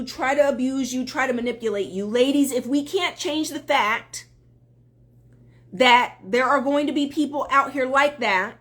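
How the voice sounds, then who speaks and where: A woman dating coach talking on a live stream, earnest and emphatic, greeting viewers as they join. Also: high-pitched.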